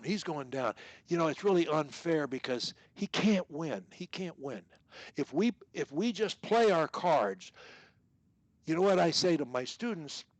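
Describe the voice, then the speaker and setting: Lively, higher-voiced male speech coach. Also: dry recording. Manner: emphatic, repeats key phrases. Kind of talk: one-on-one coaching session.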